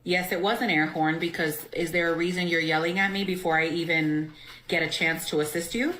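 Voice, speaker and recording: A woman's voice: fairly low pitch, steady tone, brisk, a bit bright, reverberant, a little hiss or hum, natural voice, low-quality recording. A woman voicing a blunt, mocking female call-center agent in a cartoon. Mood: smug. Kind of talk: cartoon voice acting.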